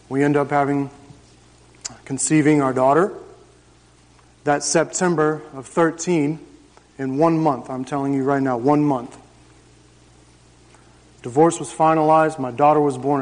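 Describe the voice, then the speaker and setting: A man in his thirties telling his personal testimony to a church congregation, in an emphatic, conversational storytelling way. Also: mid-range voice. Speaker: church member giving testimony. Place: church service. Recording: reverberant church hall.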